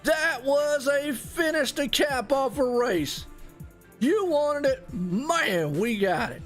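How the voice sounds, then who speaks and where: Soft music plays behind a very high-pitched man who speaks at a slow pace while commentating a sim race live. His play-by-play is folksy and excitable, full of "y'all" and "ain't."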